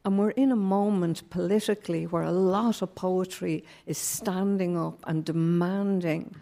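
Woman poet on a panel, non-native English, low gravelly dark voice, reflective and unhurried. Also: steady tone. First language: not English. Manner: thoughtful, measured, musing with fillers.

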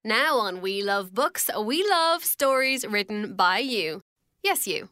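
A woman's voice: medium pitch, very animated, slow, pushed and bright, slight background noise. An Irish woman hosting a children's radio show, presenting in a playful, upbeat scripted way and speaking directly to the children listening. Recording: faint music underneath.

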